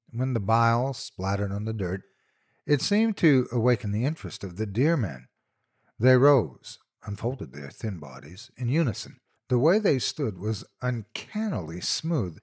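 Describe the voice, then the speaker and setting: A man with a husky, somewhat low voice reads a horror tale aloud in a dramatic storytelling style. His delivery is lively and swings widely in pitch, and it moves between hushed passages and loud bursts.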